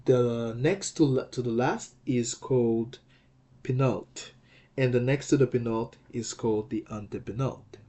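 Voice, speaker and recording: A man gives a patient lecture on a language lesson, taking his time. He speaks at a slow, deliberate pace, sounding out words syllable by syllable and pausing to ask "okay?" along the way. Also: medium pitch, dark tone. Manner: patient, repeats and checks with "okay?". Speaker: language teacher.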